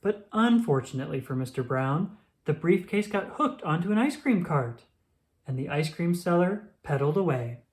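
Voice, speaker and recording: A woman reading a children's picture book aloud, expressive and slow. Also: low voice. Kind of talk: storybook read-aloud.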